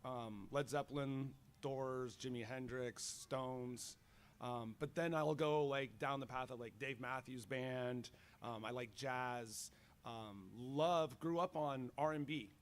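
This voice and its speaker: A middle-aged college teacher, a guest on a radio show, chatting casually and telling animated stories with many fillers. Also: male voice, medium pitch, takes it slowly. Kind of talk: casual radio interview chat.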